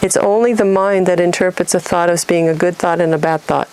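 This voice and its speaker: A woman's voice: on the low side, fairly even intonation, brisk, darkish tone, a little hiss or hum. A middle-aged woman from California giving an earnest spiritual talk, acting out inner voices and asking rhetorical questions. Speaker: spiritual teacher.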